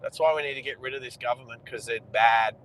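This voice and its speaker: A man's voice: medium pitch, fast, a bit bright, rough recording. An Australian man rambling in casual chat while he drives, often restarting his sentences. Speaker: co-host driving. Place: inside a moving car.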